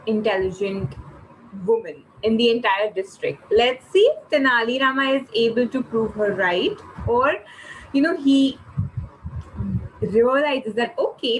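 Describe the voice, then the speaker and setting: A woman's voice: sits high, a little slow, slight background noise, low-quality recording. A woman teaching kids online, telling a story and asking the class questions. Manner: lively, questions the class, explains words.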